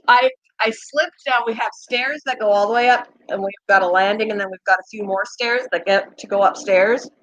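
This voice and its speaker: A woman's voice: mid-range voice, normal speed, a bit bright, no room sound, highs cut off. A middle-aged woman hosting her own channel, chatting casually with viewers, self-mocking and laughing often. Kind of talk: casual chat.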